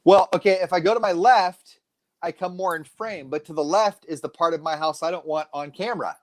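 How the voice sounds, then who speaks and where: A co-host chatting on a video call from home, telling stories in a rambling, animated way with many restarts. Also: medium pitch, fairly quick, dry recording. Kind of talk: casual live-stream chat.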